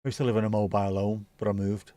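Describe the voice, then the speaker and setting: A man's voice: fairly low pitch, flat delivery, quick pace, heavy background noise. Jokey man on a live watchalong. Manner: jokey, rambling, full of dad jokes. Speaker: watchalong host. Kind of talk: casual live watchalong chat.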